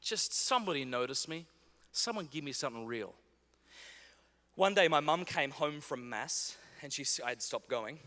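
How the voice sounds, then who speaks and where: In a large conference hall full of long reverb, a thirty-something man delivers a humorous storytelling keynote. His voice is on the high side and his pace moderate, and he's lively and comic, acting out lines of dialogue.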